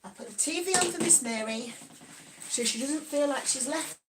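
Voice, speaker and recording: Giggly East Midlands woman, high voice. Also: expressive, normal speed, background noise. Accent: East Midlands English. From Nottingham, England. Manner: chatty, giggly, reads out viewer comments. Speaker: vlogger. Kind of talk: casual livestream chat.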